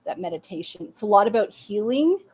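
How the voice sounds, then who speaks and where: A woman psychic medium hosting a live-streamed intuitive reading, talking softly but emphatically and gushing, with many fillers. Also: medium pitch, sing-song, brisk, breathy edge. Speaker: psychic medium and podcast host.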